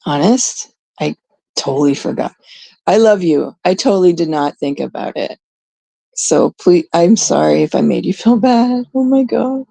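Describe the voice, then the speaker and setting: A woman's voice: sits low, lively intonation, moderate pace, creaky, warm tone, no room sound. A Canadian woman in casual, unscripted talk to her chat, blunt and rambling, swearing often. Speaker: streamer talking to chat.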